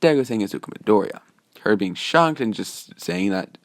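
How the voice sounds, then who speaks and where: Brief: a low-voiced man rambling through a fan story, recorded dry and close. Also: expressive, moderate pace, dry recording. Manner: rambling, full of restarts and "just saying". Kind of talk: casual fan-fiction narration.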